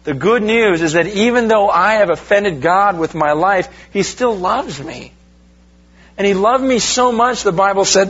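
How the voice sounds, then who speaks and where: A pastor preaches to his congregation in a slightly high, husky voice, leaning on rhetorical questions and direct appeals. He keeps the sermon conversational, speaking to the room as "you guys." The recording sounds dull and lo-fi. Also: fairly bright tone.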